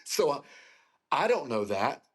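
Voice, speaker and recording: A man's voice: medium pitch, sing-song, measured pace, fairly bright tone, slightly rough. Earnest pastor in his forties. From Florida, US. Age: 40s. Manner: earnest, emotional storytelling with restarts. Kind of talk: interview guest telling his story.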